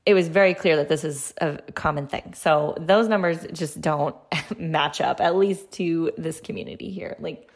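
A woman in her thirties talks through her podcast in a relaxed, chatty way, her voice sitting a little lower than most. She keeps it conversational, with loose phrasing and light laughs mixed in. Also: moderate pace, husky. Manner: laughs lightly while talking. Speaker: podcast host. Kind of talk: casual solo podcast talk.

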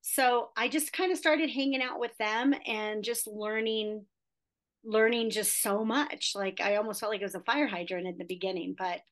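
A woman's voice: fairly high pitch, steady tone, moderate pace. A woman in her fifties, a guest in a casual interview, telling a story in a chatty way and acting out the quoted dialogue, with many fillers.

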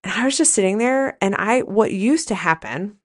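A woman's voice: mid-range voice, animated, moderate pace. A woman hosting a casual solo podcast, telling a rambling story in a candid, profane way. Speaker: podcast host, nurse and coach.

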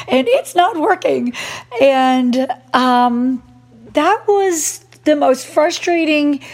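A middle-aged woman telling a personal story in a lively, self-mocking way, acting out what people said. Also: on the high side. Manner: animated, self-mocking storytelling with acted-out quotes. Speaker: mom vlogger. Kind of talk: storytelling monologue.

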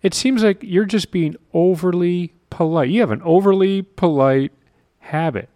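A man's voice: sits high, normal speed, warm tone, no room sound. Emphatic man hosting a dry-sounding podcast. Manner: earnest, emphatic, with wry asides and chuckles. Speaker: podcast host and confidence coach. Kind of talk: solo podcast monologue.

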